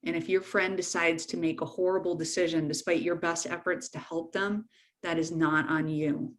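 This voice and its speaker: A woman's voice: fairly low pitch, fairly even intonation, moderate pace. A middle-aged woman counselor giving a frank, informal webinar talk to teens, repeating key points for emphasis. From United States.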